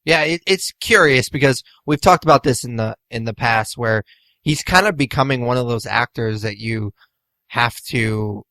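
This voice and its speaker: A man's voice: medium pitch, moderate pace, bright, forceful tone, no room sound. A man co-hosting a podcast, giving blunt, skeptical opinions in casual chat. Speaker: podcast co-host.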